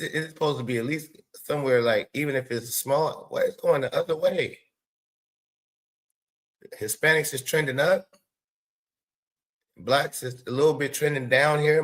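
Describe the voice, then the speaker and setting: A man hosting a show, giving loose, excitable live reaction commentary with lots of swearing and laughing asides. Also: medium pitch. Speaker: show host.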